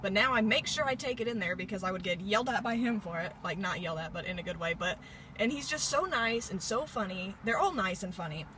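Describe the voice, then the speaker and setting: Sitting in a parked car with her phone at arm's length, this Indiana vlogger in her late teens chats away in a rambling, bubbly style full of fillers. Her mid-range voice is animated, fast, bright and forceful, and there's a slight hiss or hum in the recording.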